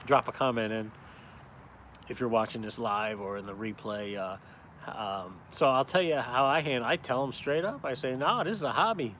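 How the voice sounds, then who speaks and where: A man's voice: mid-range voice, normal speed, a bit bright, a little hiss or hum. A man from upstate New York who draws caricatures, rambling and swearing casually as he chats to viewers on a live stream from outside. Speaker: caricature artist and vlogger. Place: outdoors in town, cold.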